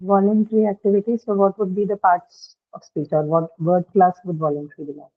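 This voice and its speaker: A woman's voice: fairly low pitch, little pitch movement, fairly quick. A woman teaching English pronunciation, explaining step by step and checking with her students as she goes. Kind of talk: online pronunciation lesson. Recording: tinny phone-like line.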